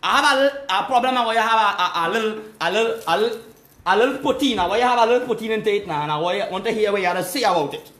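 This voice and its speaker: A man's voice: high voice, animated, very fast, fairly bright tone, roomy sound. A man, hosting a live call-in stream, talking in an agitated, repetitive way. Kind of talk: casual live call-in chat.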